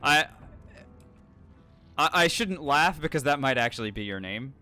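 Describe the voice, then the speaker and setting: A man's voice: fairly high pitch, lively intonation, a little slow, bright, forceful tone, soft background music. A man streaming a video game live, talking through his moves and thanking viewers in a chatty, rambling way. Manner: chatty, thanks viewers, frequent fillers and restarts. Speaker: streamer playing a challenge run. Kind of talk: live gameplay commentary.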